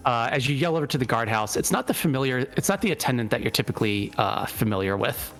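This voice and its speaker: A man's voice: mid-range voice, animated, fast, fairly bright tone, faint music behind. A man narrating a tabletop game as game master, describing scenes and making friendly rulings.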